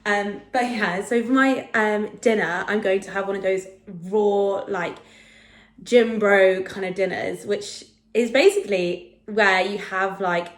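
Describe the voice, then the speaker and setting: A woman's voice: mid-range voice, unhurried. Chatty young woman in an echoey room. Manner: chatty, self-deprecating, filler-heavy. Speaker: food vlogger. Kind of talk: casual vlog chat to camera.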